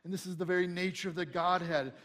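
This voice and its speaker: A male pastor delivering a sermon, praying softly at times and preaching with rising emphasis. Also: sits high, fairly even intonation, fast. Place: church sanctuary.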